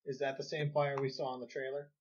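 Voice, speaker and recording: A man co-hosting a podcast, tossing in quick questions and jokes. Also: medium pitch, flat delivery, highs cut off. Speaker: podcast co-host. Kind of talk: casual podcast chat.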